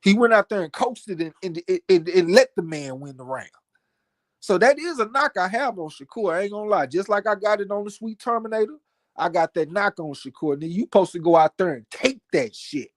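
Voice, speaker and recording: Man, raised pitch, dry sound, casual live-stream chat, heated and profane, stammers when worked up. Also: a little fast, no room sound. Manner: animated, profane, repeats words when worked up. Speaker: podcast co-host. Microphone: home mic on live stream, cutting out.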